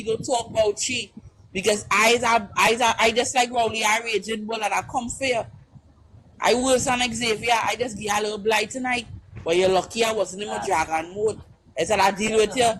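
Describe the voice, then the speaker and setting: Poor audio with slight background noise carries this woman's high, somewhat bright voice and Trinidadian accent. Speaking as a caller on a live-stream panel, she presses her points with passion, repeats them and keeps asking if you understand.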